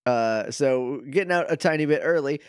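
A man's voice: fairly high pitch, moderate pace, clear, resonant tone, no echo, studio quality. A man co-hosting a podcast, making wry jokes and asking puzzled questions in casual chat. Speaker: podcast co-host.

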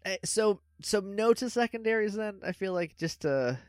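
A man's voice: sits high, animated, normal speed, no echo, clean studio sound. A man hosting a tabletop game chat, jokey and laughing often.

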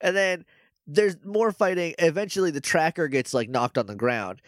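A man co-hosting a podcast, casually recapping a TV episode with quick voices and frequent laughs. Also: fairly high pitch, dry recording, studio quality. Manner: animated, quotes characters in quick put-on voices, laughs often. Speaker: podcast co-host.

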